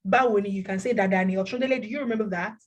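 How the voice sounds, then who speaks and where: A woman's voice: mid-range voice, rapid-fire, noisy background. A woman teaching an online language class over a video call, encouraging her students and repeating words for them to copy.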